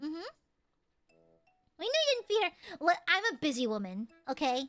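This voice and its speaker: A woman streamer in casual chat with her viewers, playful and teasing, jumping from loud squeals to low mutters. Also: big pitch swings, normal speed, no echo, soft background music.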